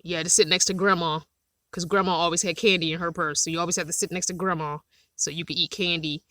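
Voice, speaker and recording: A woman's voice: fairly low pitch, fast, no echo, studio quality. A middle-aged woman, chatting casually on a live stream and telling stories between bursts of laughter. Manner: animated storytelling with frequent laughter. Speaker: vlogger hosting a live chat. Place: inside her van.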